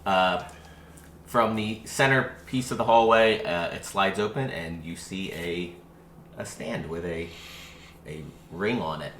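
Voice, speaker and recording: A man's voice: low-pitched, measured pace. A man running a tabletop game as game master, laughing often and describing scenes. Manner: laughs often, animated and lively. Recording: echoey room with faint background noise.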